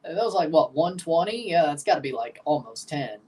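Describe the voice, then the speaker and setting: A man's voice: on the high side, animated, brisk, darkish tone, husky. A young man giving rambling, jokey live commentary while watching a match and chatting to his viewers. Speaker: watchalong streamer.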